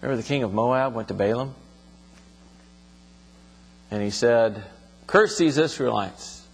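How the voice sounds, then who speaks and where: A man's voice: mid-range voice, measured pace, gravelly, slightly rough, big-room sound. A man teaching from the Bible, reading passages aloud and then explaining them in plain, conversational words.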